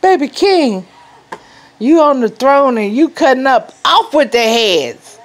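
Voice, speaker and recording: A woman's voice: high voice, expressive, takes it slowly. A woman laughing and cooing playfully at a baby in a casual home video. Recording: noisy home recording.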